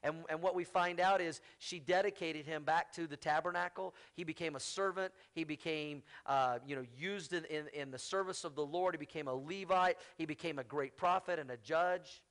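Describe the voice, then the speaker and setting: Brief: male pastor, high-pitched, conversational sermon delivery, wry asides. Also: moderate pace, hardly any pauses, fairly bright tone. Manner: conversational preaching with call-outs to the congregation.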